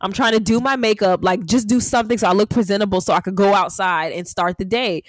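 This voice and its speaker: A woman's voice: medium pitch, fast, no echo. A woman podcast host telling a story in casual chat, acting out what people said, with lots of "like". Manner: animated storyteller acting out quotes, frequent "like".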